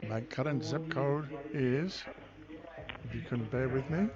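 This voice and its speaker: A man's voice: medium pitch, highs cut off, a crowd in the background, close to an everyday voice. A man doing a campy vampire count. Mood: deadpan spooky. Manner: slow, drawn-out theatrical delivery. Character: campy male vampire count, theatrical and ghoulish. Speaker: scambaiter. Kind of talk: prank phone call.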